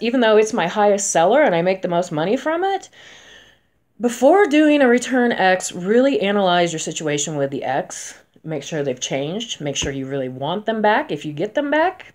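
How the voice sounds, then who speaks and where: A woman in her forties, a spellcaster, talking casually to camera in a chatty, emphatic way, going from loud to soft. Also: medium pitch, animated, moderate pace. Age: 40s.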